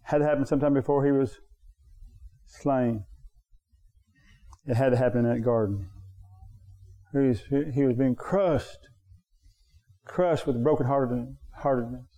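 A man preaching a sermon to his congregation, repeating phrases for emphasis and jumping up in pitch on his key points. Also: a little slow, pauses often, warm tone. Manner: talks straight to the congregation. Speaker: pastor.

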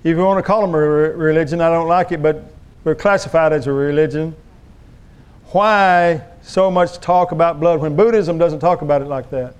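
A male pastor preaches emphatically, urging his congregation to respond. His somewhat high voice is smooth and resonant, with fairly even intonation and a normal speaking speed.

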